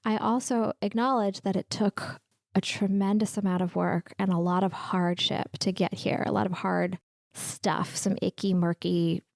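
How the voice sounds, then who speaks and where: A woman's voice: medium pitch, vocal fry, a little mellow, no room sound. A woman in her thirties hosting a podcast, sharing a personal reflection in a candid, heartfelt way. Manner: emotional, tearful at times, candid. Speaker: podcast host.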